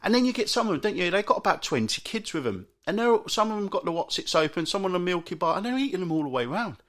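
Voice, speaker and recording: A man's voice: high-pitched, sing-song, fast talker, a bit bright. A man hosting a solo podcast, grumbling in an exasperated, sarcastic way. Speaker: podcast host. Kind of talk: ranting solo podcast monologue.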